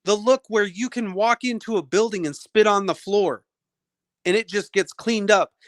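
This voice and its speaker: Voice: medium pitch, normal speed, dry recording, studio quality. Furious, profane local ranter. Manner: heated, profane, repetitive, confrontational. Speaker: local activist venting about police. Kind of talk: unscripted angry rant to camera.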